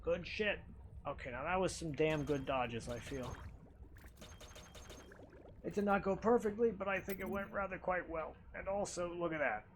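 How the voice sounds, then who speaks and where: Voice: mid-range voice, normal speed, long pauses, a little hiss or hum. A game streamer casually talking through their own live gameplay, swearing freely and reacting to what happens on screen. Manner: casual, profane, reacting to play.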